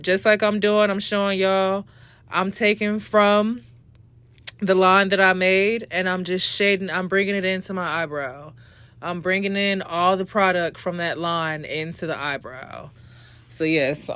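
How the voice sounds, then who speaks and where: A woman's voice: on the low side, fairly bright tone, dry recording. A young woman talking viewers through a makeup tutorial in a sassy, chatty voice-over. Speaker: beauty vlogger.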